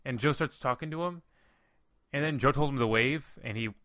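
A man's voice: medium pitch, normal speed, fairly bright tone, no echo, studio quality. A young man hosting a casual podcast chat, rambling through a story with fillers and swearing. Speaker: podcast host.

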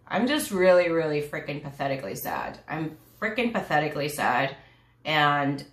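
A woman talks through her review of a series in a casual, rambling way, sighing often and stumbling over restarts. She sounds close to tears. Her voice sits low, and it rings in an echoey room. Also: a bit bright. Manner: rambling, gushing, sighing, with many fillers and restarts. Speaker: YouTube reviewer.

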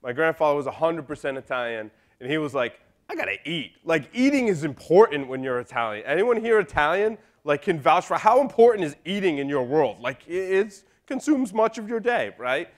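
A man speaking at a conference, telling a story to the crowd in a loose, joking way. His voice sits a little high for a man. He talks right to the people in the room. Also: big pitch swings, fairly quick, few pauses. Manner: casual and joking, talks to the audience. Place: conference hall.

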